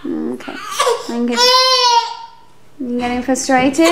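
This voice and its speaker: A woman's voice: high-pitched, lively intonation, measured pace, pauses often. A young woman, a mother, talking in sing-song, coaxing baby talk at home, filmed on her phone. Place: home, indoors. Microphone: phone camera. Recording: noisy home phone video.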